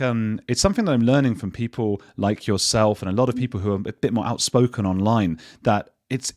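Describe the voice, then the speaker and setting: A British man with a low voice talks casually as an interview guest. He is chatty and self-deprecating, often restarting his sentences. The sound is dry and close. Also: a little mellow, no echo. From United Kingdom. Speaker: guest, journalist and podcaster.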